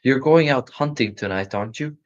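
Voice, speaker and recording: A man voicing a sweet little female fairy who coaxes gently in a storybook. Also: medium pitch, brisk, pitched above the performer's own voice, natural voice. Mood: coaxing. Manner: sweet, coaxing. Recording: muffled lo-fi recording.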